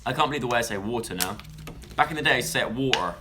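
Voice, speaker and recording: A man's voice: mid-range voice, animated, very fast, noisy background. A young man from England chatting casually on a live stream, rambling and interrupting himself as he talks to viewers.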